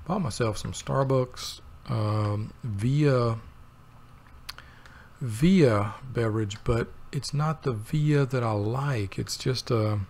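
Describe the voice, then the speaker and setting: A man hosting a let's play, his voice carrying a gravelly, fry-edged texture. He talks into a desk mic, meandering and wry, and drifts between game moves and side stories with lots of ums. A faint hiss sits under the voice. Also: mid-range voice, a little mellow. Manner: meandering, wry, thinks aloud with many fillers. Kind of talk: rambling gameplay commentary.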